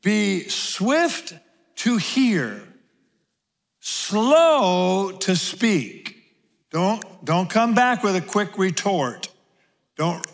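A high-pitched male pastor preaching slowly and deliberately, leaning on repeated phrases to drive his points home. His voice carries a long reverb from a large hall. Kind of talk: sermon. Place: large room with audience.

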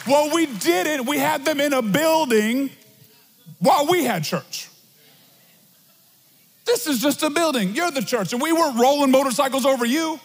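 A man's voice: very high voice, normal speed, pauses often. A young male pastor preaching a casual, joking sermon in a large church. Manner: animated, joking, conversational preaching. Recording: long church hall reverb.

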